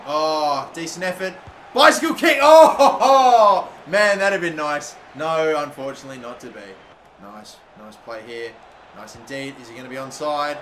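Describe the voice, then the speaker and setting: A man with an Australian accent commentating his own football video game session, excitable and swearing often, shouting at his players. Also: fairly high pitch. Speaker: gaming YouTuber. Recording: echoey room with faint background noise.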